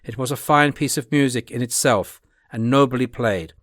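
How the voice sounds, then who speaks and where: A man reading a classic adventure novel aloud as an audiobook narrator, with a plain, steady delivery. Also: medium pitch, normal speed, no echo, studio quality.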